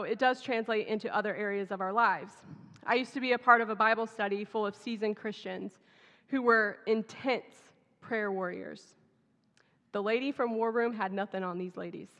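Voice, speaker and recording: A woman's voice: fairly high pitch, fairly bright tone. Woman pastor, chatty sermon, dull audio with long church reverb. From Texas. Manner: storytelling, conversational and humorous. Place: church sanctuary.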